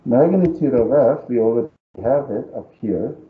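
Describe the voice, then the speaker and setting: A man with a non-native English accent teaches a live calculus lecture, reasoning out loud as he works and coaxing students to agree. His voice is medium in pitch with lively intonation and a moderate pace. The recording sounds roomy, dull and lo-fi.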